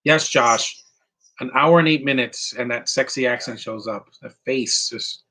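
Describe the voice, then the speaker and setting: Rambling opinionated man with a husky voice. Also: mid-range voice, measured pace, sharp tone, low-quality recording. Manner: rambling, opinionated, frequent fillers and restarts. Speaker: movie commentator. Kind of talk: casual live movie commentary.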